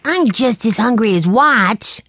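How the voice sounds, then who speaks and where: Benny, a woman doing a high eager little boy. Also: lively intonation, a bit bright, no room sound, full character voice. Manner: high, slow and wide-eyed.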